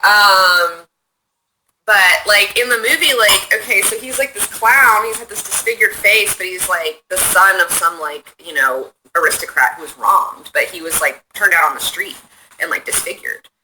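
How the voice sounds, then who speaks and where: A woman livestreaming from her phone, chatting casually and answering viewer comments in a profane, rambling, excitable way. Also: medium pitch, moderate pace, background noise.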